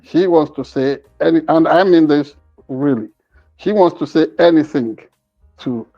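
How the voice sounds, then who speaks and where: A man with a somewhat high voice gives opinionated commentary, pausing often on fillers as he builds his argument. His audio sounds a little dull and muffled. Faint music runs underneath. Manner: hesitant, many fillers, searches for words while arguing. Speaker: news commentator.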